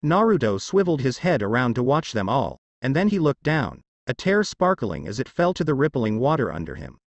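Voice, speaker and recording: A man narrating a fanfiction audiobook with an expressive reading. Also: medium pitch, a little fast, no room sound.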